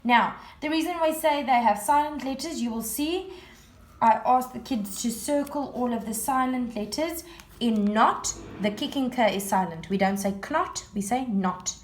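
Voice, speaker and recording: A woman's voice: on the high side, normal speed, a little hiss or hum. A woman primary school teacher recording a home-learning lesson, patiently explaining words one at a time and repeating them. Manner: patient, repetitive word-by-word explaining. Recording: roomy echo.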